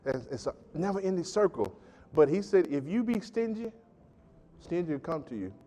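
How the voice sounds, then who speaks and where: A man pastor preaching a sermon with emphatic call-and-response delivery, swinging between loud and soft. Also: a little high, very animated, moderate pace. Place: church sanctuary. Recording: church hall with long reverb.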